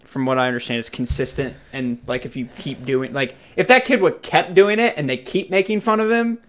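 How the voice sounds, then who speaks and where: A man's voice: medium pitch, a little fast. A man in casual chat, laid-back and swearing while he tells school stories.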